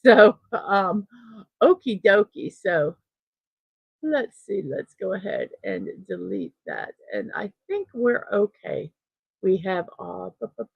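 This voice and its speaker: A woman's voice: medium pitch, creaky, breathy edge, no room sound, lo-fi sound. A woman hosting a casual daily morning livestream from home, chatty and easily distracted, greeting chatters one by one. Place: room at home with a fan running.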